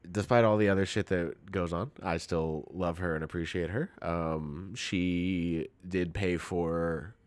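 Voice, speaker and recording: A deep-voiced man chats to his stream while he plays, a bit tipsy and in no hurry. His talk wanders, laced with swearing and offhand storytelling. The pace stays unhurried and loose. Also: smooth, dry recording. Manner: rambling, profane, storytelling. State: a little tipsy. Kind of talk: casual chat while gaming.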